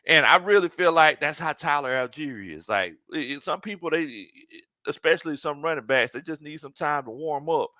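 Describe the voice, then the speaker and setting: A man's voice: on the high side, expressive, normal speed, hardly any pauses, bright, forceful tone, dry recording. A man hosting a casual live football stream, rambling and stumbling over repeated words while he reads viewer comments aloud, a little congested from a sinus infection. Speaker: sports live stream host.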